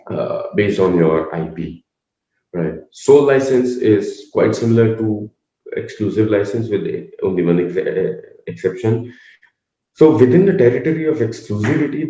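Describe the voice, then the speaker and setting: A man's voice: on the low side, dark tone. A man lecturing on intellectual property, explaining methodically with frequent fillers and self-corrections. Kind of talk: explanatory talk. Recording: dull, roomy sound.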